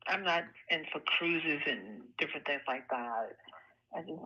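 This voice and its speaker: An older woman with a soft, light voice, talking bluntly and laughing often in a casual phone conversation. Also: low voice, lively intonation, unhurried, husky. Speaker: home seller on a phone call. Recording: tinny phone line.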